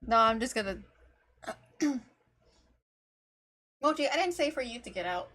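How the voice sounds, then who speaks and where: Chatty woman streamer, slightly high voice. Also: animated, measured pace, a bit bright. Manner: chatty, rambling, laughs often, talks to her cat. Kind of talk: casual live-stream chat, reacting to videos.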